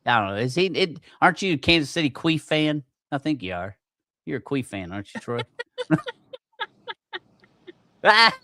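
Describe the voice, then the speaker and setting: A man's voice: fairly high pitch, sing-song, moderate pace, pauses often, pushed and bright, no echo, studio quality. A man hosting a casual livestream podcast, swearing freely, getting aggravated and laughing at himself. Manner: profane, easily aggravated, self-mocking. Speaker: podcast host.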